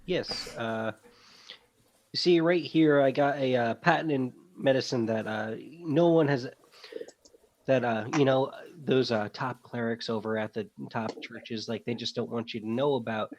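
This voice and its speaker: Man role-playing a fast-talking huckster. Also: medium pitch, lo-fi sound. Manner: fast-talking salesman patter with many fillers. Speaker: player. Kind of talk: in-character tabletop role-play.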